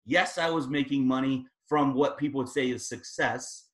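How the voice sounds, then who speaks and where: A man giving an energetic motivational talk as guest speaker, telling his story with emphatic peaks. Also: medium pitch, normal speed. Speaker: guest speaker at team training. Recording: echoey room.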